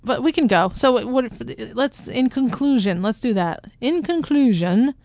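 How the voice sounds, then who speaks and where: A woman's voice: fairly high pitch, creaky, darkish tone, dry recording. Chatty woman co-host, dry close mic. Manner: chatty, halting, laughs often. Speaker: podcast co-host. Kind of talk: casual chat.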